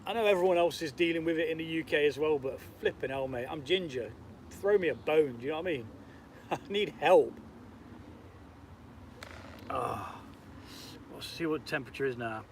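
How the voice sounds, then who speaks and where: On his live outdoor cooking stream, a British man works a camp stove while chatting casually, swearing lightly and answering comments from viewers. His voice is on the high side at normal speed, he pauses often, and there's a little hiss or hum.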